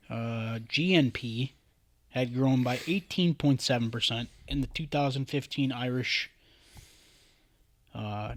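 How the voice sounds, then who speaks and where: A man co-hosting a casual podcast. He tells his stories in an animated, swearing manner, and his voice sits at a middling pitch for a man. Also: no echo, clean studio sound. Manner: animated, profane storytelling. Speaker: podcast co-host. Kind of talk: casual chat.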